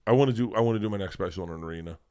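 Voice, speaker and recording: A man's voice: lowish voice, rapid-fire, mellow. Loose-talking profane male comedian. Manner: loose, profane, rambling storytelling. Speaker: guest comedian. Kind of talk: casual podcast chat.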